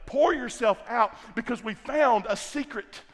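A middle-aged male pastor preaching a sermon, emphatic and repetitive, stretching key words for stress. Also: very high-pitched. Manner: emphatic, repeats phrases, drawn-out stresses. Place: large church hall. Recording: long hall reverb.

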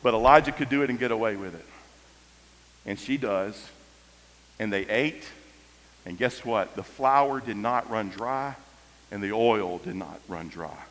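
A man preaching an animated storytelling sermon, swinging between loud exclamations and quiet asides, in a large church hall. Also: fairly low pitch, measured pace, long pauses. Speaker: pastor. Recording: echoey hall.

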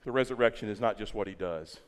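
A pastor preaching an Easter sermon, swinging from hushed lines to loud, repeating phrases for emphasis. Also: male voice, lowish voice, fast talker, long reverb tail. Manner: impassioned, swinging from quiet to loud, repeating words. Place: church sanctuary.

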